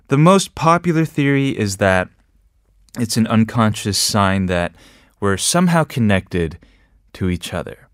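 A man with a low voice hosts a radio show from a dry studio. He reads through a prepared piece, then slips into loose, joking chat with listeners. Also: no room sound. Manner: chatty, jokes and laughs between scripted reading. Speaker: radio host. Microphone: studio microphone.

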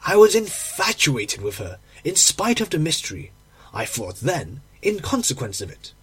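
A man's voice: a little high, huge pitch swings, normal speed, fairly bright tone, slightly rough. A man narrating a classic short story in a dramatic, emotional audiobook reading. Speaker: audiobook reader.

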